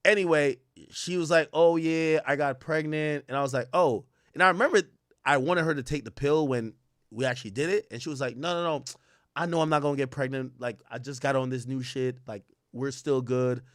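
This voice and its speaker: A man's voice: mid-range voice, fairly quick, dry recording, clean studio sound. A young man hosting a podcast, telling a long personal story in casual, profane talk and quoting others in his own voice. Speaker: podcast host.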